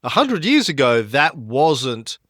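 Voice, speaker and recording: A man co-hosting a history podcast, telling the story in a lively way and rising in pitch when he stresses a point. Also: slow pace, no room sound, clean studio sound. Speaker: podcast co-host.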